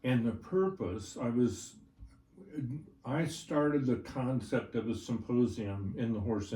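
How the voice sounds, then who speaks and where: Here a horse trainer, an older man with a warm mid-range voice, narrates something from his own life for an interview. Folksy throughout, he checks in with the listener using "right?" and "all right?". The mic sits at a distance, leaving a roomy sound with faint ambience.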